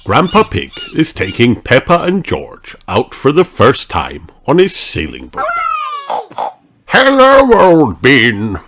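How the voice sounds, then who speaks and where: An unhurried reader telling a picture-book story aloud. The voice rises and falls dramatically from line to line, and a faint hiss sits under the recording. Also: mid-range voice. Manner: lively, expressive storytelling.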